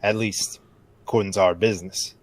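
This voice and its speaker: A man playing a tabletop game, talking in a gruff, blunt way. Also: lowish voice, steady tone, a little fast. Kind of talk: casual in-character play.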